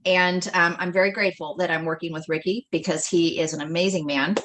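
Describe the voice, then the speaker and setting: A middle-aged woman guest on a livestream with a somewhat low voice. She tells her story animatedly, acting out each exchange and laughing along the way. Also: a little fast, slight background noise. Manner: animated, acts out dialogue, laughs often. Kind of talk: storytelling testimonial.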